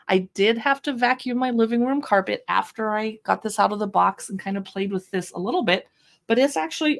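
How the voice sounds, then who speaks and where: A woman's voice: a little high, gravelly. A woman hosting a casual live shopping stream from home, chatting in an upbeat way about books and decor and reading short bits aloud. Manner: chatty, upbeat, reads short passages aloud with playful voices. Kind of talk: casual product showcase livestream. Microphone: own microphone close by.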